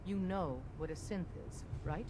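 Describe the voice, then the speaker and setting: A woman's voice: fairly low pitch, measured pace, a crowd in the background, lightly acted. A woman voicing a stern, guarded resistance leader in a video game, questioning a stranger, heard as game audio with noise over it. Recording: game audio behind noisy commentary.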